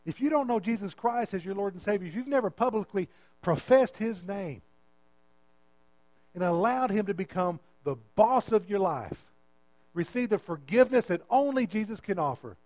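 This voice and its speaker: A man's voice: high-pitched, animated, normal speed, a little mellow. A male pastor preaching an impassioned sermon into a handheld microphone in a church, pleading with his listeners. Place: church sanctuary.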